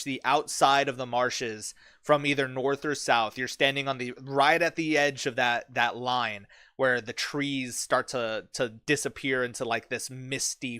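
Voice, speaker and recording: Profane animated male streamer, dry mic. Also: medium pitch, clean tone, dry recording. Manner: profane, animated, storytelling with dramatic hushed build-ups. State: bit his cheek, sore mouth. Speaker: livestream host reading chat. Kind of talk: casual livestream chat.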